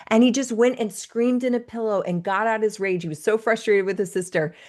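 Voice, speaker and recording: A woman's voice: medium pitch, fairly quick, a little mellow. A woman in her thirties, a life coach and podcast guest, speaking in an earnest, reflective way. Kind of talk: conversational interview.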